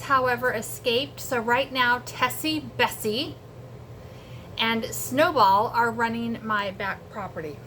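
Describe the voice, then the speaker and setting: A woman's voice: fairly high pitch, sharp tone, slight background noise. A middle-aged woman chatting casually to viewers in a homey vlog from her kitchen and garden. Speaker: homesteading vlogger.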